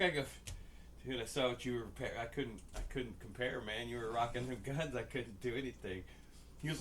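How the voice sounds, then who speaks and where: A man's voice: medium pitch, a little fast, a bit bright, a little hiss or hum. A man co-hosting a podcast, telling casual rambling stories full of swearing and acted-out dialogue. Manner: profane, rambling, acts out quoted dialogue. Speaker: podcast co-host. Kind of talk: casual storytelling chat.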